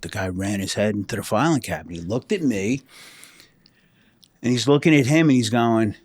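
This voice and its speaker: A fairly low-voiced man, a former state trooper, tells war stories on a podcast, blunt and profane. He acts out the lines other people said. His voice sits close to a dry studio mic with almost no room sound. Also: lively intonation, brisk, darkish tone, husky, no echo. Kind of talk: casual podcast storytelling.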